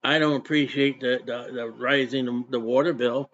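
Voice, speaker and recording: A man preaching a sermon, quoting scripture with emphatic outbursts and quieter asides. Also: mid-range voice, steady tone, normal speed. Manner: emphatic, repetitive, switches between loud outbursts and quiet asides. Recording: dull lo-fi recording.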